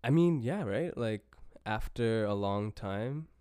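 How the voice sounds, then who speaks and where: A young man from India with an American accent, talking casually and reflectively, with frequent pauses and fillers. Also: lowish voice, expressive, a little mellow, clear, resonant tone, no echo. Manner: reflective and hesitant, with many fillers. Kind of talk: casual conversation.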